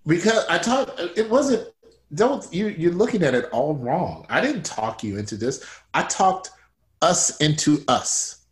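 Excitable guy rambling in improv, kinda high voice. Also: a little slow. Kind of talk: improv comedy.

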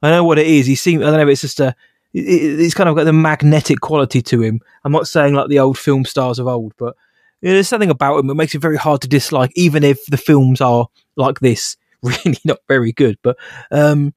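A man co-hosting a casual film review podcast, animated and sarcastic, laughing as he talks. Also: fairly high pitch, brisk, dry recording, clean studio sound.

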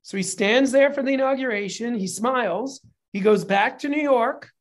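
A man, a film and TV producer, telling a long story in a casual interview, animated and swearing freely. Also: very high voice, moderate pace.

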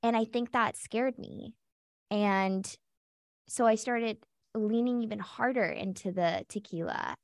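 A woman's voice: fairly high pitch, animated, a little slow, no room sound, clean studio sound. A woman guest on a podcast, candidly and heartfelt telling her own story with lots of casual fillers.

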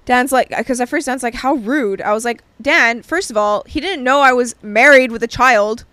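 A woman's voice: fairly high pitch, normal speed, a bit bright, smooth, no echo. A young woman co-hosting a podcast, telling a story in casual chat, full of "like" and acted-out quotes. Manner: chatty storyteller, lots of "like", acts out quotes. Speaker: podcast co-host.

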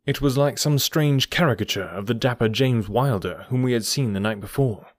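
A man reading an audiobook in measured storytelling narration. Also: medium pitch, no echo, clean studio sound. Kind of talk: scripted narration.

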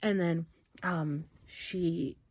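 The podcast host, a young woman, speaks extremely slowly in a lowish, darkish, breathy voice with a steady tone. She's casually recounting a personal story, chatting, filling her speech with "like" and acting out what people said.

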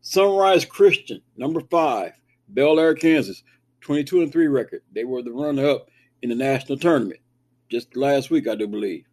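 Near Wichita, Kansas, a sports talk show host works through a rankings list conversationally, adding chatty asides along the way. He's animated at a moderate pace, with a mid-range voice that's a little mellow.

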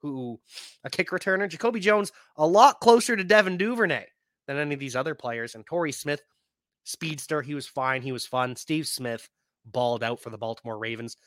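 Male fantasy football podcast host, bright and forceful tone, close dry mic, casual animated delivery. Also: on the high side, fairly quick, no echo. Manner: animated, laughs at his own points. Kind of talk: casual sports talk.

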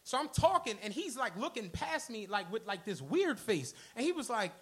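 Telling a profane story live on a comedy club stage, this podcast co-host has a high voice with a breathy edge. He moves at a moderate pace with hardly any pauses and animatedly acts out the people involved.

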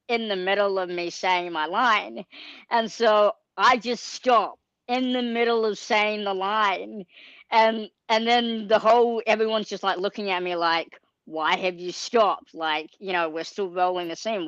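A woman's voice: lowish voice, a bit bright, clear, resonant tone, dry recording. A young adult woman, an actor in an interview casually telling a story, earnest and full of "um", "like" and "you know". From Australia. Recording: slightly dull lo-fi sound.

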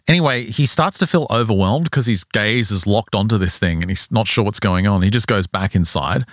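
A man's voice: lowish voice, no echo, studio quality. A man co-hosting a podcast, retelling a story in casual chat and acting out short quotes. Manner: animated retelling with quick acted quotes. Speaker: podcast co-host telling a story.

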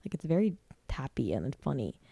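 A woman's voice: very deep voice, big pitch swings, a little fast, vocal fry, mellow, breathy edge, dry recording. A woman hosting a solo podcast, talking in a rambling, heartfelt way full of "like" and restarts. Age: 20s. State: near tears at times. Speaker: podcast host.

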